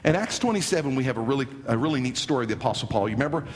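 A man preaching a sermon dramatically, swinging from hushed lines to near shouts. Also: medium pitch, expressive, racing. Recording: long hall reverb.

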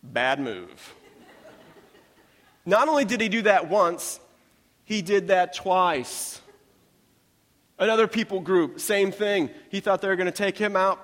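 A man preaches with a high, light voice, talking to the congregation in a loose, joking way full of quick asides. His words ring out with the long reverb of a large hall. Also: animated, fairly bright tone. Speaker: pastor. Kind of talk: sermon.

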